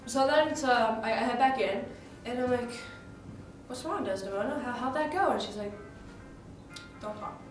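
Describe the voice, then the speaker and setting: In a slightly high voice at an ordinary speed, a woman casually recounts a play while staying in character, leaning on fillers such as "like" and "you know." She's far from the mic in a reverberant room with background music.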